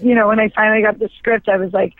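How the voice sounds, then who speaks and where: A woman's voice: medium pitch, level tone, no echo. Chatty woman on a tinny phone line. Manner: chatty, fast, filler-heavy storytelling with frequent likes. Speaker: guest actress. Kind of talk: casual interview chat.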